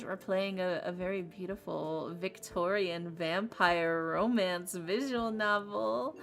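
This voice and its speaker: Bubbly gravelly woman streamer. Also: lowish voice, slow, a bit bright, faint music behind. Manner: bubbly, rambling with many fillers. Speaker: game streamer. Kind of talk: casual livestream chat.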